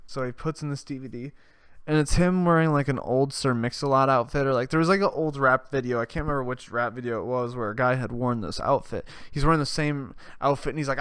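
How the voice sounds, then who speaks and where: A man's voice: medium pitch, fairly quick, a bit bright, clean tone, no room sound, clean studio sound. A man hosting a podcast, retelling a story in a casual, rambling way, swearing and laughing often. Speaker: podcast host.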